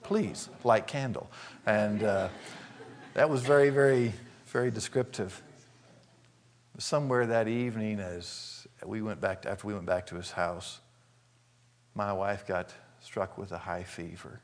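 An older man from Arkansas preaching a sermon, telling folksy stories and acting out the scenes with animated delivery. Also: fairly low pitch, measured pace. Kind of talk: sermon storytelling.

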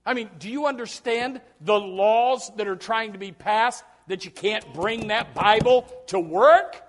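A man's voice: sits high, a little slow, hardly any pauses. A man preaching a sermon to his congregation, acting out quoted voices and repeating words as he builds his points. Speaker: pastor.

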